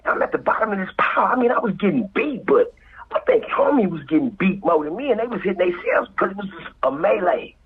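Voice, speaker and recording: Over a thin, tinny, phone-like line, a guest storyteller with a Los Angeles accent delivers an animated street story in a very husky, raspy, breathy voice. He swings widely in pitch, acting out voices and sound effects and dropping into whispers.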